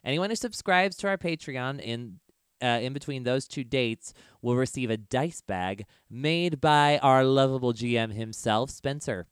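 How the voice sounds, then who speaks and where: A man's voice: medium pitch, unhurried, smooth, no room sound, studio quality. A man hosting a tabletop game podcast, reading announcements in an upbeat, chatty way. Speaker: podcast host.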